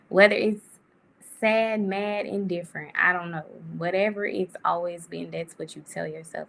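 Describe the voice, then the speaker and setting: A woman vlogger talking casually to camera with life advice, chatty and animated, laughing often and jumping up in pitch. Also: moderate pace, vocal fry, a little hiss or hum. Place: indoor room.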